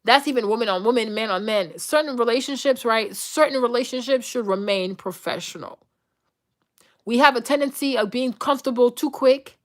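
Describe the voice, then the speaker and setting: A fairly high-voiced young woman speaks straight to her audience in an uncensored rant. She is blunt, profane and animated, cussing her way through the point she is making. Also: normal speed. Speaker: host. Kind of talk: uncensored casual rant to viewers.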